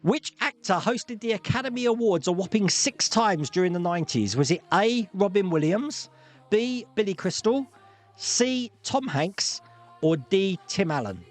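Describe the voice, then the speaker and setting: A man hosting a live-streamed pub quiz, jokey and quick to laugh as he reads out multiple-choice options. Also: sits high, very animated, soft background music. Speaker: quiz host.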